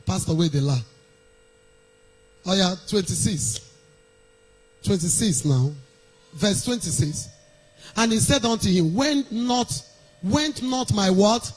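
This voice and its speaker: Husky Nigerian woman preaching sing-song. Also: mid-range voice, slow pace, long pauses, a little mellow, poor audio. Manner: sing-song preaching cadence, reads scripture aloud. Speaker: pastor. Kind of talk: sermon.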